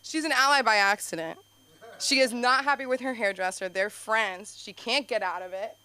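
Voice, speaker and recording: A woman doing a stand-up comedy set on a club stage, telling animated stories with constant "like"s. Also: a little high, normal speed, smooth, dry recording. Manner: animated storytelling, heavy use of "like". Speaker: stand-up comedian and show host.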